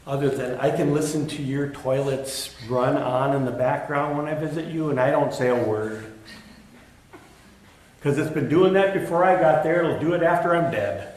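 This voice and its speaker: A man's voice: a little high, normal speed, a little mellow. A middle-aged male pastor giving a sermon, telling a personal story candidly with self-deprecating humor. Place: church sanctuary. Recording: echoey church with faint ambient noise.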